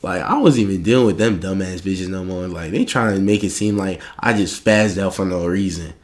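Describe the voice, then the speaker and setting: A young adult man telling a casual storytime monologue in a profane, slangy, animated way. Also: low voice, brisk.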